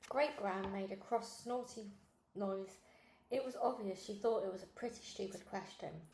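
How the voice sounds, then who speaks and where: A woman reading a children's novel aloud in steady, clear narration. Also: mid-range voice, normal speed, reverberant. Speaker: storybook reader.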